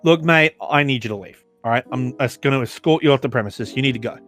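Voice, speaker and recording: A man's voice: mid-range voice, fast, fairly bright tone, faint music behind, lightly acted. Aussie guy doing a tired manager asking someone to leave, firm and patient. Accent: Australian. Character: firm but weary male fast-food manager.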